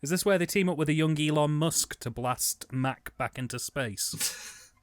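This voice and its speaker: A man co-hosting a casual film commentary, cracking playful deadpan jokes and laughing a lot. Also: fairly high pitch, unhurried. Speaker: co-host.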